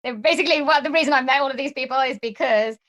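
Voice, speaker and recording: Chatty woman guest, slightly high voice. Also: very fast, fairly bright tone, highs cut off. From Wales. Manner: chatty and upbeat, laughs easily. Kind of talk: casual interview chat.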